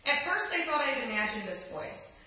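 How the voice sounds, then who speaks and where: A woman reading an inspirational story aloud in an earnest, gentle way, now and then restarting a line. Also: high-pitched, big pitch swings, fairly quick, far from the mic, slight background noise. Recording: echoey room, voice from off-mic.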